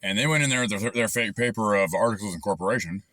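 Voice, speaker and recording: A man's voice: on the low side, rapid-fire, sharp tone, dry recording. A man telling a long, frustrated story in a rambling, casual way with lots of fillers and restarts. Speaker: channel host recounting a dispute.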